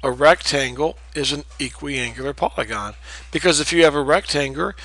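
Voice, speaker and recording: A man's voice: a little high, normal speed, sharp tone, rough recording. A man teaching a math lesson in a patient, explanatory way, repeating key terms and checking in with "okay?". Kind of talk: recorded classroom lecture.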